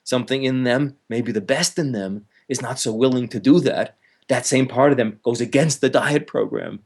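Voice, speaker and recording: A man, a counselor, talks as an interview guest, explaining with lively energy, laughing now and then and acting out harsh inner voices. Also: mid-range voice, moderate pace, gravelly. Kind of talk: explanatory conversational talk.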